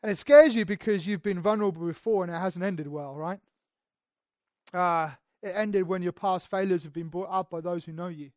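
A male pastor preaching a sermon in a church, earnest, moving between hushed passages and emphatic ones and often restarting his words. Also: sits high, normal speed, dry recording, studio quality. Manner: repeats words when restarting.

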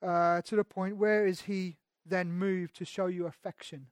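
High-voiced man preaching with dry sound. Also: steady tone, unhurried, no echo. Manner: preaching with dramatic swings between loud emphasis and hushed intimacy; repeats words and restarts phrases. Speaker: pastor. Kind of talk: sermon.

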